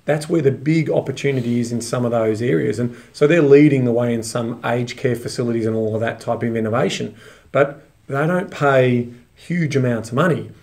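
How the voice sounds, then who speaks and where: A man's voice: mid-range voice, fairly quick, vocal fry, darkish tone. An Australian man co-hosting a podcast, chatting casually and restarting his sentences as he rambles. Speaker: podcast co-host. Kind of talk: casual chat.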